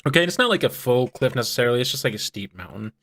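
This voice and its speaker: A man running a tabletop game as game master, narrating the scene in a relaxed way with frequent ums and uhs. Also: medium pitch, rapid-fire.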